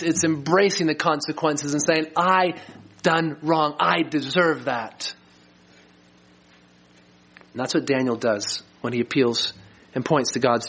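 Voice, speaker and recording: A middle-aged man preaching a sermon as a pastor, earnest and slowing down to stress key lines. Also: fairly high pitch, a bit bright, husky. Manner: earnest, slows for emphasis.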